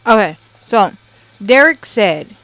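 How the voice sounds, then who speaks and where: A woman co-hosting a casual home livestream, loud and joking, swearing often and dropping Spanish slang. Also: mid-range voice, very animated, takes it slowly, no room sound. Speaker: streamer's co-host.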